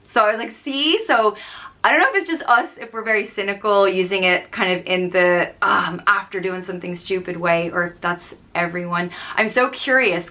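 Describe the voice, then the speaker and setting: A woman's voice: on the low side, bright, forceful tone. An Irish woman in her thirties, chatting casually and explaining phrases with lots of ums and playful example lines. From Ireland. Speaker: vlogger.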